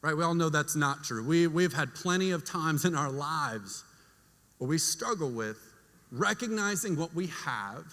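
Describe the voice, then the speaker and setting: A young man tells a story to a group of young adults and slips into voices for the people in it. His voice is bright and sits a little high. Long reverb from a large hall trails after his words. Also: measured pace. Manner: animated storyteller, acts out family voices. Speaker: youth speaker.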